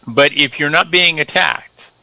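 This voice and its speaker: A man's voice: a little high, unhurried, creaky, bright, forceful tone, no room sound, poor audio. A man talking earnestly and steadily as a guest doctor on a talk show, often repeating words as he goes. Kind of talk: casual talk show conversation.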